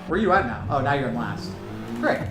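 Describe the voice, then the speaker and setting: A man streams a racing game from a home room with a racing rig, chatting casually and directly to viewers while leaning hard on "like" and "you know." His medium-pitched voice is very animated and brisk, sounding roomy over game music and engine noise.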